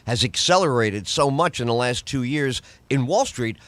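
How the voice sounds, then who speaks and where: A middle-aged comedian and radio host from New York, USA, brings lively voices to other people's lines while telling stories conversationally. His mid-range voice keeps a moderate pace, with no room sound in the recording.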